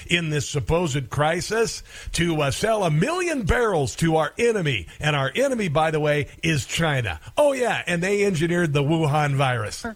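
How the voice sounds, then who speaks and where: Brief: male talk radio host, a bit high-voiced, sarcastic and combative. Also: big pitch swings, normal speed. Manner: sarcastic, combative, mocking asides. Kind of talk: political talk radio monologue.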